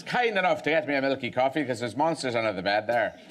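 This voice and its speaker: A man's voice: medium pitch, lively intonation, fast talker, a bit bright, a little hiss or hum, close to an everyday voice. A man voicing a polite little boy with a Northern Irish accent, mock-polite and sing-song. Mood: cheeky.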